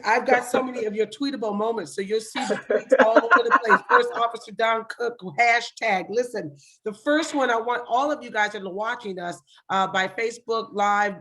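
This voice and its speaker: Excitable woman host, fairly high voice. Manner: excitable, laughs often, keeps saying "listen". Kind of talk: enthusiastic interview hosting.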